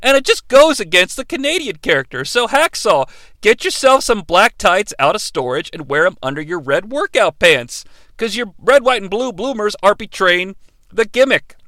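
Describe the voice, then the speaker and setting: A man hosting a casual solo podcast, animated and sardonic, talking close into the microphone. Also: sits high, normal speed, dry recording. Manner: animated and sardonic, slipping into impressions. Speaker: podcast host.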